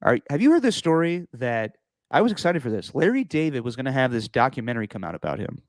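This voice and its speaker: A man co-hosting a podcast in casual chat, enthusiastic and quick to laugh. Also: mid-range voice, very animated, no room sound. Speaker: podcast co-host.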